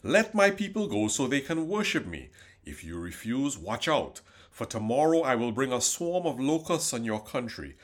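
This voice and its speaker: A man reading the lines of a determined prophet in a Bible story, firm and insistent. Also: mid-range voice. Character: determined male prophet, older leader.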